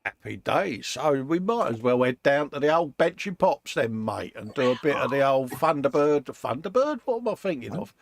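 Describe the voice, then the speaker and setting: Chatty British man, gravelly lively voice. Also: mid-range voice, normal speed, few pauses, no echo. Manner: chatty, calls people mate, laughs often. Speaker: co-host of a model-making live stream. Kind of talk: casual chat, reading out viewer comments.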